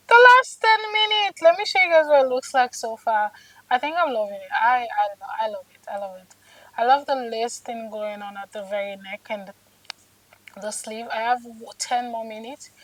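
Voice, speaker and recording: Chatty young woman crafter, slightly distant mic. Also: on the high side. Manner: chatty, says "like" and "guys" often, excitable. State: tired. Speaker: crochet vlogger. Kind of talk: casual vlog talk while crocheting. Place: home craft studio.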